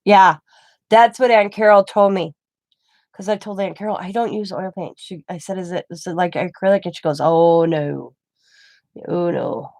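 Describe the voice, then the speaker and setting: A woman's voice: mid-range voice, a little fast, darkish tone, no room sound. A middle-aged woman, casually chatting and telling a rambling family story full of quoted back-and-forth. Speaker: craft channel host. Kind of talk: casual chat to camera.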